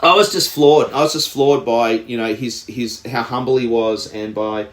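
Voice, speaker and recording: In a roomy-sounding recording, an Australian podcast co-host speaks at medium pitch and a moderate pace. He's telling a story in casual conversation, wandering along with frequent restarts and fillers.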